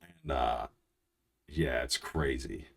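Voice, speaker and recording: Young male reaction host, very low voice, rambling and excitable, keeps restarting sentences. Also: takes it slowly, creaky. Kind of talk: casual reaction commentary.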